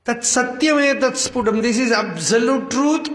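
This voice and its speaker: A man giving an unhurried, reflective spiritual discourse, reciting Sanskrit verses as he explains them. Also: extremely high pitch, fairly bright tone. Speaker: spiritual teacher. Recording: echoey hall reverb.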